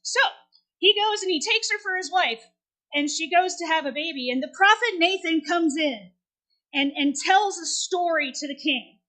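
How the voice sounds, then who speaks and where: Woman minister in her forties, very high bright voice, chatty storytelling sermon delivery. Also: animated, moderate pace. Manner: conversational storytelling preacher, asks the congregation questions.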